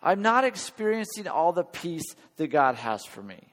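A man's voice: a little high, very animated, normal speed, a bit bright. A man preaching a sermon in an earnest, conversational way, often checking in with his listeners. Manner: earnest, conversational, questions the audience. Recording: long hall reverb, church hall.

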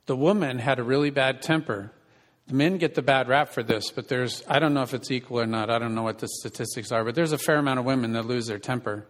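A man's voice: medium pitch, fast talker. A man preaching a sermon as pastor and counselor, conversational and asking the congregation questions. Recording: reverberant hall.

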